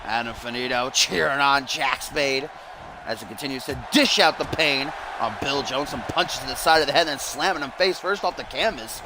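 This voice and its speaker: A man giving live-stream play-by-play commentary on a wrestling video game, excitable and often rising to shouts on big moves. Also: mid-range voice, normal speed. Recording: clear background noise.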